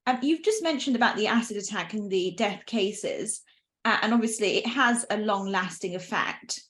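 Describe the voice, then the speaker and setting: A woman's voice: mid-range voice, moderate pace, fairly bright tone. A woman with a British accent hosting an interview, attentive and encouraging, with frequent fillers. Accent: British English. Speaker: interviewer, host. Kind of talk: conversational interview.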